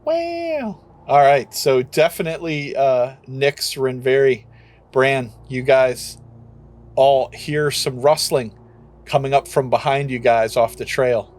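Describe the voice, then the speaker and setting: A young man running a tabletop game as game master, narrating casually with laughs and acting out quick lines for the characters. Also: medium pitch.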